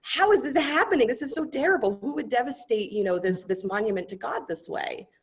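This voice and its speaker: A woman's voice: animated, a little fast. A woman voicing an indignant, fussy male Hindu priest who is outraged at a desecrated altar. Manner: shrill and scandalized, voice jumping high.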